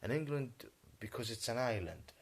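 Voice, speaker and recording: A native Arabic-speaking man delivering a rambling, agitated monologue in English, halting often and clearing his throat. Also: mid-range voice, lively intonation. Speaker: vlogger.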